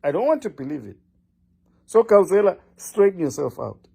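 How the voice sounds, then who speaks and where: A man's voice: sits high, big pitch swings, normal speed, gravelly, dark tone, husky. An older man delivering a scolding, lecturing political monologue, addressing one person directly and repeating his name for emphasis. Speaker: political commentator.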